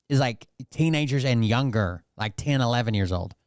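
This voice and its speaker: A man's voice: medium pitch, lively intonation, normal speed, darkish tone, clean tone, no room sound, studio quality. A man hosting a reaction commentary, blunt and disgusted, with crude remarks. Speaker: commentary channel host.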